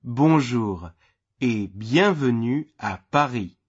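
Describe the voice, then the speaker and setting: A woman with an exceptionally deep voice says single French words slowly, as models for learners to repeat. Her tone is husky, and her pitch still moves a lot. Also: animated, a little mellow. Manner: slow, deliberate pronunciation. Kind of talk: slow model phrases for repetition.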